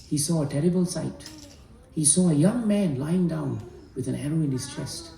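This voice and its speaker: Gravelly, earnest male storyteller in an echoey room. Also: a little high, dark tone, recorded from a distance. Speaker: spiritual storyteller. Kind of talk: devotional storytelling talk.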